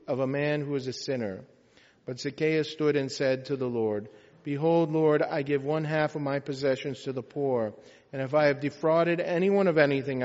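A man, a priest, reading scripture and preaching in a measured, solemn manner. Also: mid-range voice, darkish tone. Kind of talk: liturgical reading and homily. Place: church. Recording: echoey church, slightly dull sound.

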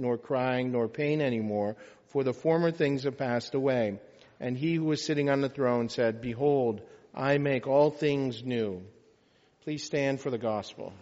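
A man, a priest, reading scripture and preaching in a measured, solemn manner. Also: mid-range voice, a little mellow. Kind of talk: liturgical reading and homily. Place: church. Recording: echoey church, slightly dull sound.

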